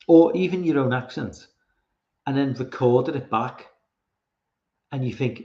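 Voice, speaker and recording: A man's voice: medium pitch, unhurried, pauses often, a little mellow. A man who is not American, hosting a casual livestream, rambling and swearing with frequent restarts as he reads chat. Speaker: podcast host reading chat. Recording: roomy, slightly dull sound.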